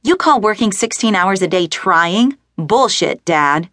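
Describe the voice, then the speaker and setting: A woman's voice: mid-range voice, expressive, measured pace, no echo, studio quality. Furious young man, swearing, cruel edge; woman narrator doing it. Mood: bitter. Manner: shouting, bitter, cursing. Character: angry young man yelling at his father.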